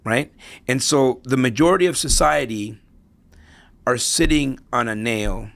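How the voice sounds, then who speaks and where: Middle-aged man with a gravelly voice. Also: mid-range voice, unhurried, fairly bright tone. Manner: storytelling, tags points with "right?". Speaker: interview guest, real estate investor. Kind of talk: casual conversational interview.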